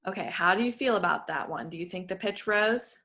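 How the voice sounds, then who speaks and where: A woman's voice: mid-range voice, brisk, bright, forceful tone. A woman working as a voice clinician, giving patient, encouraging step-by-step instructions in a therapy session.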